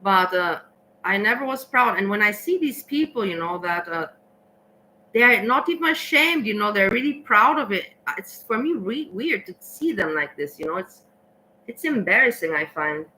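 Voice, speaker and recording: Woman vlogger, tired and rambling, bright, forceful tone. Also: mid-range voice, animated, a little hiss or hum, low-quality recording. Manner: rambling, halting, many restarts and fillers. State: tired, slow thinking. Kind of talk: casual rambling vlog chat.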